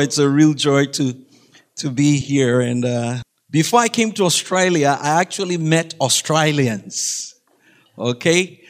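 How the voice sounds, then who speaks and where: A middle-aged man giving a humorous faith talk to a school audience, chatty and laughing, often asking the listeners questions. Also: fairly high pitch. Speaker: guest speaker.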